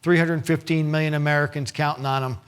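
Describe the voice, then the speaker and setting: A man's voice: on the high side, fairly even intonation, quick pace, clear, resonant tone. A middle-aged man giving a keynote speech, telling a vivid story with acted-out quotes and wry asides. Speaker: keynote speaker. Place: conference hall with a live audience.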